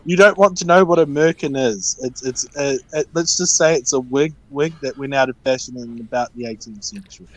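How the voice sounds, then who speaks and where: A man's voice: medium pitch, a little fast, hardly any pauses, no echo, low-quality recording. A man joking and teasing in a casual livestream chat.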